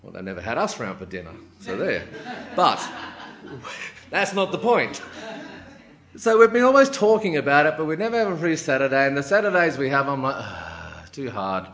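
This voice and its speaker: A man's voice: on the high side, fairly quick. A man giving a sermon with personal stories, acting out voices and often asking the room "right?". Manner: lively, acts out quoted voices, keeps asking "right?". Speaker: lay preacher. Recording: roomy hall echo.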